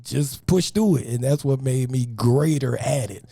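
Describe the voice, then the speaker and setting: A man from New Orleans, a comedian guest on a podcast, telling stories in an animated, profane way and acting out the scenes. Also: medium pitch, normal speed, vocal fry, husky, no echo, clean studio sound. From New Orleans, USA. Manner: expressive, profane, acts out the scene. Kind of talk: animated comic storytelling.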